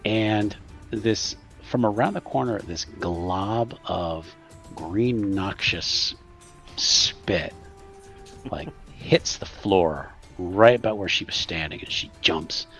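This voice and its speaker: A man narrating as game master for a tabletop game, pausing often with fillers. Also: on the low side, fairly bright tone, soft background music. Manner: halting, filler-heavy narration.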